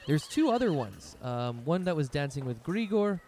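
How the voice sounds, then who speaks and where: A man's voice: on the high side, very animated, moderate pace, darkish tone, slight background noise. A man narrating as game master of a tabletop game, rambling loosely with many fillers.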